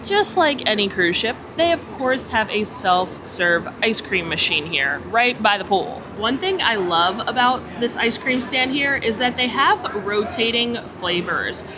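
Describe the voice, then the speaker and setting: A woman's voice: a little high, animated, unhurried, few pauses. A woman hosting a casual food vlog, chatty and upbeat as she reviews dishes. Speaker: food vlogger host. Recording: crowd chatter behind. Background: crowd chatter on a cruise ship.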